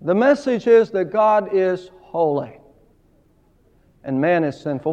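High-voiced preacher man in an echoing hall. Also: animated, moderate pace, darkish tone. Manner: emphatic preaching, rising and falling in volume. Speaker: pastor. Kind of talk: sermon. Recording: dull lo-fi sound with long hall reverb.

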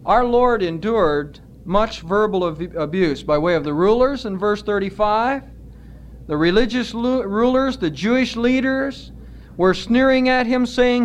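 A man preaching a sermon as pastor, earnest and emphatic, stretching out his words with pauses. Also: high-pitched.

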